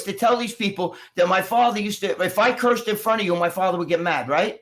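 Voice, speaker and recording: A man chatting casually on a livestream, telling animated, profanity-laced stories as co-host over a video call. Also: sits high, fairly quick. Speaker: show co-host.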